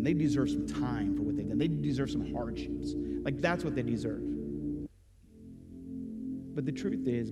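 Guy preaching in a church, chatty, lots of rhetorical questions, loud music under him. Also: mid-range voice, long reverb tail. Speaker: pastor. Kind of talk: sermon.

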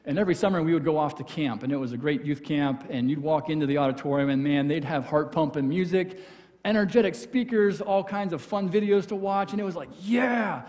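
Pastor preaching in a reverberant hall. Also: male voice, a little high, brisk, a little mellow. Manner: conversational, acts out quoted voices, drops to near whisper for emphasis. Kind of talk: sermon. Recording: church hall with long reverb.

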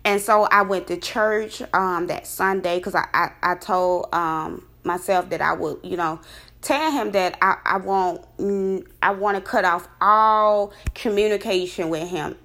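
A woman casually telling a personal story, rambling and animated, her voice jumping high when she recounts her disbelief. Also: a little slow. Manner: rambling with many fillers and restarts.

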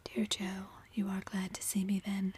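A woman voicing a mischievous, boyish young married man as a whispered role-play, in a flat hush. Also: mid-range voice, normal speed, a little hiss or hum, lightly acted. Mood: playful. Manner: whispered, playful.

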